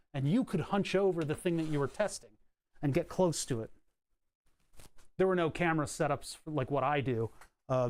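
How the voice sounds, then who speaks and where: A man's voice: fairly high pitch, a little mellow. Wry, rambling man at a workbench. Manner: rambling, wry, swears casually. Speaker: electronics hobbyist streamer. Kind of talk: casual live-stream chat while tinkering. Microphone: desk microphone.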